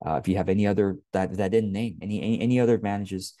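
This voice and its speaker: A man talks straight to camera with casual business advice, loose and rambling, stumbling over repeated words. His voice sits fairly low and mellow. The sound is dry and close. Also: rapid-fire, no room sound. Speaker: business coach.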